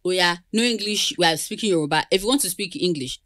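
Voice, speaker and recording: A woman with a Nigerian accent, a guest on a podcast, talking casually in an animated, emphatic way. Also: lowish voice, fast talker, dry recording, clean studio sound. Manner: animated and emphatic, playful laughter.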